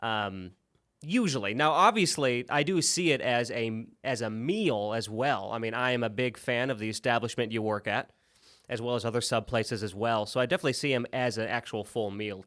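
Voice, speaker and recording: A man's voice: mid-range voice, moderate pace, fairly bright tone. A man co-hosting a podcast, talking in an easygoing, rambling way with hesitations. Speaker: podcast co-host. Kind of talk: casual chat.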